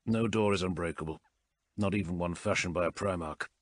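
A man's voice: low-pitched, brisk, no echo, pitched below the performer's own voice. A man voicing a stern male warrior in an audiobook, giving curt orders. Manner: curt, commanding.

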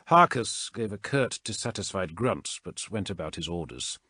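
Low-voiced male audiobook narrator. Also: breathy edge, no echo, clean studio sound. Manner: steady, measured storytelling. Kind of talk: scripted narration.

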